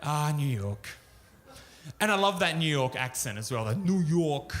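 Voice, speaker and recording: A man's voice: on the high side, animated, measured pace, noisy background. A man doing a crude, ranting stand-up routine at a pub show, swearing freely. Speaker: stand-up comedian. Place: pub stage, live show.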